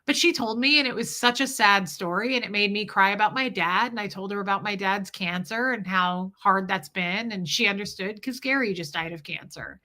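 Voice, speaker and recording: A woman vlogger talks at a moderate pace with few pauses, her mid-range voice carrying a sharp tone. She tells a story, answers comments from viewers, laughs often, and chats candidly with her audience.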